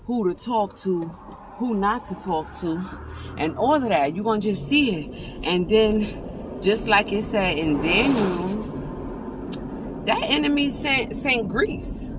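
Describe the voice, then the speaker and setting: A woman delivers an off-the-cuff devotional message, fervent and conversational, with a middle-range voice. She keeps stopping to restart and to address her listeners directly. Constant vehicle hum sits clearly under the recording. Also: medium pitch, expressive, takes it slowly. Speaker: preacher sharing an encouraging message with viewers. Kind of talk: informal devotional talk to camera.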